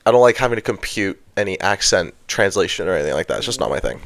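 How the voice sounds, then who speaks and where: A man's voice: low voice, lively intonation, fast, gravelly, fairly bright tone, dry recording. A young man co-hosting a podcast, chatting casually in a laid-back, rambling way. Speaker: podcast co-host.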